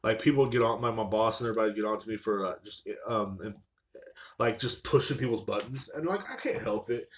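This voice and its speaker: A man's voice: on the low side, fast. A man hosting a podcast from a live stream, ranting casually with lots of swearing and sounding short of breath. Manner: profane, rambling, mocking. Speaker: podcast host. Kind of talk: casual rant. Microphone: live stream mic.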